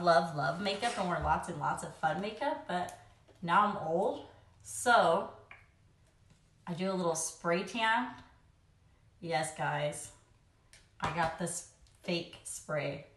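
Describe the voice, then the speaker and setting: Young mom vlogger, chatty and rambling, a little low-voiced, filmed on a phone in an echoey room. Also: female voice, expressive, slow pace, long pauses. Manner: chatty, rambling, laughs often. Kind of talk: casual chat while doing makeup.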